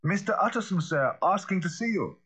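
A man voicing a frightened older male butler who speaks in an anxious, deferential, halting way. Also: medium pitch, lively intonation, a bit bright, husky, voice pushed up. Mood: tense. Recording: dull lo-fi recording.

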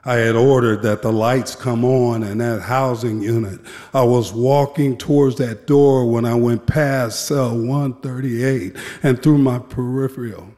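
Slow, grave man in an echoey hall. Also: medium pitch, fairly even intonation, mellow. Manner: measured, grave, with deliberate pauses. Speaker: former prison guard. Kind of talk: personal storytelling talk. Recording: echoey hall with long reverb.

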